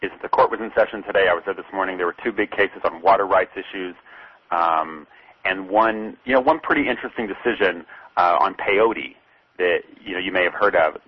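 Husky low-voiced radio correspondent. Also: male voice, brisk. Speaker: political correspondent. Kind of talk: radio news commentary. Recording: dull radio broadcast sound.

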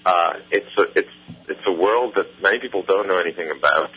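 A documentary filmmaker giving a radio interview by phone, answering in a quick, thoughtful way and correcting himself as he goes. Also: low-pitched, husky, highs cut off.

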